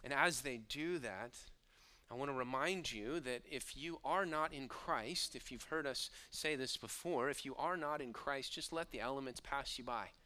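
A man preaching from the pulpit with a very bright, forceful voice, earnest and emphatic. He slows down to lean on key phrases and builds in intensity as he speaks. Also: mid-range voice. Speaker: pastor. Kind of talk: sermon.

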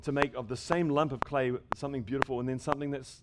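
A man's voice: mid-range voice, steady tone, quick pace. A man, a pastor, preaching an emphatic sermon to a congregation and asking it rhetorical questions. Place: church service before a congregation. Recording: loud background noise with clicks.

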